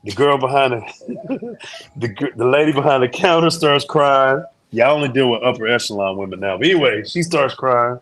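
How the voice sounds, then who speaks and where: A man, a guest in an interview, telling a story in a joking, slangy, animated way. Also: medium pitch, normal speed.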